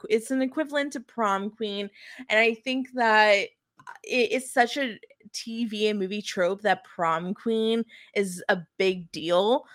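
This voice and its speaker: A woman's voice: mid-range voice, takes it slowly, dry recording. A woman with a mid-range voice mulls over a TV show in casual chat, thinking aloud with plenty of "like"s. The sound is dry and close to the mic. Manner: musing, thinks aloud with many "like"s. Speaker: podcast co-host.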